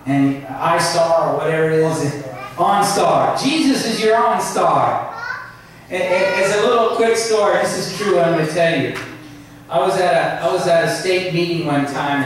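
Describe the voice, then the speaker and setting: A pastor preaching a sermon with emphasis, drawing out some phrases slowly. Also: male voice, high voice, noisy background. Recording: echoey hall, mic far off.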